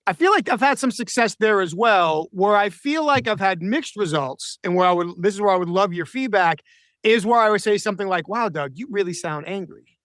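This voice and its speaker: High-voiced male podcast host, crisp. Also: expressive, a little fast, a bit bright, dry recording. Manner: reflective, hedging with "I feel like". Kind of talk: podcast interview, conversational. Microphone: remote call with a mute button.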